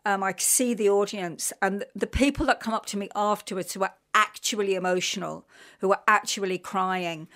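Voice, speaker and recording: A middle-aged woman with a London accent, a radio guest telling an animated, emotional story with many fillers. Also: mid-range voice, moderate pace. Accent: London English. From England. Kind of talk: casual radio interview chat.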